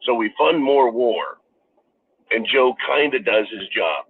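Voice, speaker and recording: A man's voice: mid-range voice, animated, slow, slightly rough. An American man giving a political commentary monologue, emphatic and profane, ranting as the host. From United States. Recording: phone-like narrow band.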